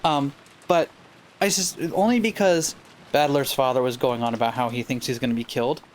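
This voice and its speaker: A man's voice: medium pitch, a little fast, a little hiss or hum. A man co-hosting a let's play of a visual novel. He reads the game's text aloud and chats casually, stumbling over words now and then. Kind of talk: casual playthrough chat, reading game text aloud.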